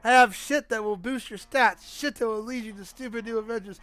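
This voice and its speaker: A man's voice: high-pitched, brisk, fairly bright tone. A man reading out a brash young male shopkeeper hawking junk, in crude, pushy sales talk.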